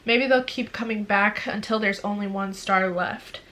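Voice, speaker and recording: Tender wistful fae lord, read by a young woman, soft, hushed, bright. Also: mid-range voice, fairly even intonation, moderate pace, natural voice.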